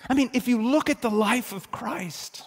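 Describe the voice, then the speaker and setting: A man in his sixties preaching a sermon, moving between forceful emphasis and hushed tones and repeating his key phrases. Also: extremely high pitch, moderate pace. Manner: dramatic swings from loud emphasis to hushed tones. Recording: long hall reverb.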